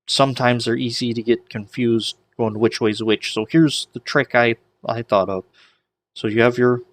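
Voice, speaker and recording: A man giving an online lesson on ancient Greek pronunciation, explaining in a chatty way with homemade memory tricks. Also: medium pitch. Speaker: Greek teacher.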